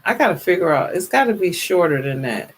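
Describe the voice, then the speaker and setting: With a lowish, slightly rough voice, a woman in her fifties talks a little fast during a casual livestream where she reads viewer comments. She sounds tired and worn out but is chatty and animated, laughing often and calling everyone "y'all."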